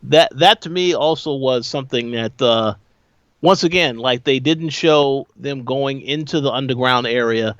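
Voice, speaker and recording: A man co-hosting a podcast, adding points to an episode recap in a measured, hedging way. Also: mid-range voice, a bit bright, no echo, highs cut off. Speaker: podcast co-host. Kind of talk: casual recap chat.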